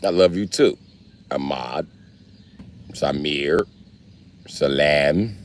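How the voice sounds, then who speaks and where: Deep-voiced man rambling to his live chat. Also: slow pace, long pauses. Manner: rambling, profane, talks straight to chat. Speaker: livestreamer. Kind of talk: casual live-stream chat.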